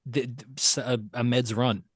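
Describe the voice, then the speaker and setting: A laid-back man on a comics podcast who teases his co-host and drops dry one-liners. His voice is mid-pitched and recorded with a dry, close sound that has no room echo. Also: little pitch movement, moderate pace, breathy edge. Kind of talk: casual comic book chat.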